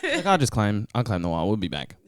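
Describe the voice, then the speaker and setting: Joking woman podcast host, smooth dry voice. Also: extremely low pitch, wildly swooping pitch, a little fast, no room sound. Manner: joking, chatty, teasing. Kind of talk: casual podcast interview.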